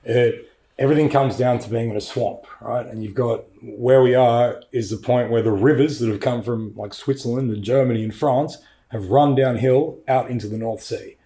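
Mellow man explaining history. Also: medium pitch, steady tone, normal speed. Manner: explanatory, thinking aloud. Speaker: history podcast co-host. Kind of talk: casual chat.

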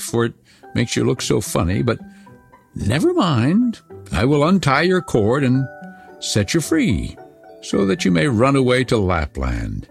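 A man voicing a fierce, bossy little robber girl who speaks in a brisk, commanding way. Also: medium pitch, creaky, voice pushed up, exaggerated voice.

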